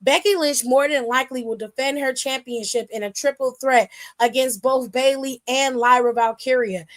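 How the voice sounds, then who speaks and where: A high-voiced woman hosts a casual wrestling aftershow, sharing blunt opinions and swearing freely. She sounds loose and unscripted, talking straight to her viewers. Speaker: wrestling show host.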